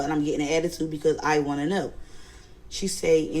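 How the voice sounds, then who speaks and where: A woman's voice: sits low, level tone, a little fast, a little mellow, poor audio. A woman with a Philadelphia accent telling a family story in a casual storytime, animatedly quoting others and growing indignant. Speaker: storyteller recounting family drama.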